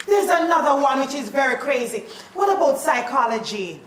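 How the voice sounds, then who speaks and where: Woman, teacher, animated, high voice, distant mic, roomy echo. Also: normal speed, a little hiss or hum. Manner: animated and playful, calls out questions. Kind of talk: classroom spelling lesson. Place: classroom. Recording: echoey classroom, mic at a distance.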